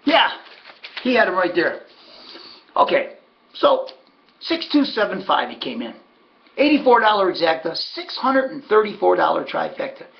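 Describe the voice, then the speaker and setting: A man's voice: high-pitched, big pitch swings, normal speed, creaky, pauses often, muffled recording. A man giving a casual, folksy recap of his race picks, sardonic and talking to himself about his bets. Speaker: harness racing handicapper.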